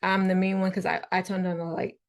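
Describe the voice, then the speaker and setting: A woman talking casually as a podcast guest, telling stories in a chatty, animated way. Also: lowish voice, a little fast. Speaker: guest parent.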